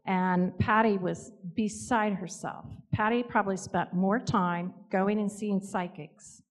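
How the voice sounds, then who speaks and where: A woman speaks slowly in a reflective storytelling manner, often pausing and hesitating between thoughts. Her voice sits at a middle pitch. A long reverb trails behind each phrase. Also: fairly even intonation. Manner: measured, with hesitant pauses and fillers. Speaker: author speaking about grief and spirit visits.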